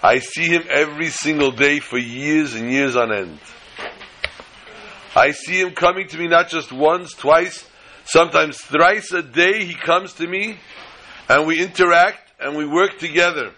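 A man voicing a kindly, wealthy older male lender who speaks in a measured, fatherly way. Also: fairly high pitch, bright, forceful tone, slight background noise, poor audio.

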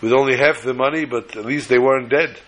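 A man telling a folk tale in an animated way, repeating words for rhythm. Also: mid-range voice, quick pace. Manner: animated, repetitive phrasing. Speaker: storyteller. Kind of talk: oral storytelling.

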